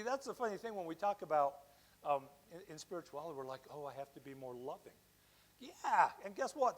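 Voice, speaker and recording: Lively man giving a Sunday talk. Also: high voice, rough recording. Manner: lively, conversational, often asks "okay?". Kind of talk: sermon.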